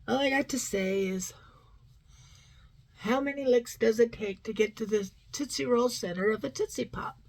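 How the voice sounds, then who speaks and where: A woman's voice: a little high, normal speed, darkish tone, low-quality recording. A middle-aged woman vlogging in casual, rambling chat, now and then cooing at her dog in baby talk.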